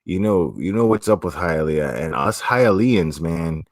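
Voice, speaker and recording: An expressive, low-sitting voice at a measured pace belongs to a South Florida streamer with a South Florida accent. He chats loosely on his livestream, answering comments in a rambling, profane way full of restarts. The studio-quality audio carries no room sound.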